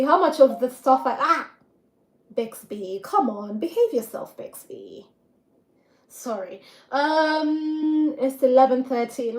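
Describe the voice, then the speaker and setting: Woman vlogger, higher voice, rambling casual chat, laughs a lot; echoey kitchen with audible noise behind. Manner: rambling, chatty, laughs often, talks to herself while doing chores. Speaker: vlogger hosting a live stream. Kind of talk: casual live-stream chat. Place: home kitchen. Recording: echoey room with background noise.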